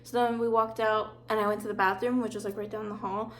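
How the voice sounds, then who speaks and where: A woman's voice: mid-range voice, flat delivery, fast talker, a little hiss or hum. A woman in her twenties vlogging, telling personal stories in a chatty, dramatic way full of fillers. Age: 20s. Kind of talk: casual storytelling.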